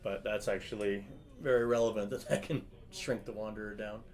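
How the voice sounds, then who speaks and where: A man calling a live card game at a card shop, reacting quickly and excitedly to each play. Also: lowish voice. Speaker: play-by-play commentator.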